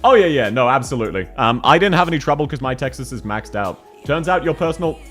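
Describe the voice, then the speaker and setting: A man's voice: mid-range voice, lively intonation, quick pace, fairly bright tone, faint music behind. A young Australian man streaming a game, chatting casually, teasing his chat, swearing and laughing often. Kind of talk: casual live-stream chat while playing.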